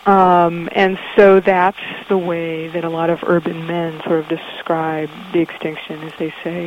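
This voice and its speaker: Lower-voiced woman explaining on radio. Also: level tone, measured pace, hardly any pauses, highs cut off, slight background noise. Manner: thoughtful, explanatory, with frequent ums. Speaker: author interviewed as guest. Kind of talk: radio interview.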